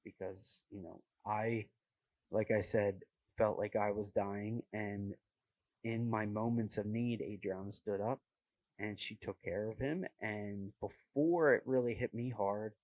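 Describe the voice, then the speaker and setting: A man's voice: lowish voice, fairly even intonation, measured pace, a little mellow, no echo, low-quality recording. A young man hosting a podcast, chatting casually with a rambling, self-mocking humor and lots of fillers. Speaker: podcast host. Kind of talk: casual chat.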